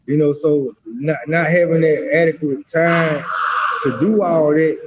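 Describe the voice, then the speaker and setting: A man talking as a guest by phone, halting and rambling with many fillers. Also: on the high side, background noise. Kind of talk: casual talk on a phone line. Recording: dull lo-fi phone call.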